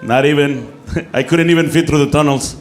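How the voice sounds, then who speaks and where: A man's voice: fairly high pitch, normal speed, crowd noise, noisy background. A man with a Mexican accent performing a self-mocking stand-up set on a comedy club stage, stumbling over restarts and laughing at his own jokes.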